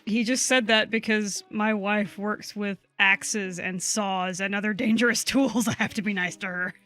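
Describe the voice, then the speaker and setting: A chatty woman co-hosts a game stream, talking at a middle pitch with rambling asides and easy laughs. Faint music sits under her voice. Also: fairly even intonation, moderate pace, bright, forceful tone. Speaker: co-host and game player. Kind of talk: casual chat while streaming a game.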